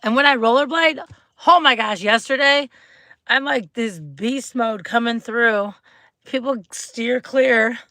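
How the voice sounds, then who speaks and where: A woman's voice: slow pace, bright, forceful tone, dry recording. A woman hosting a casual livestream from inside her parked car, talking close to a phone, chatty and bubbly. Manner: chatty and bubbly, acts out quotes in squeaky voices. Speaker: livestream host. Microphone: phone held close.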